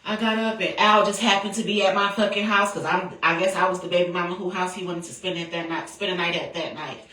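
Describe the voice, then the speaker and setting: A woman's voice: lowish voice, fairly even intonation, fast, sharp tone. A woman, telling a personal story in a candid, profane, rambling way. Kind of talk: casual storytelling. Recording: roomy, distant from the mic.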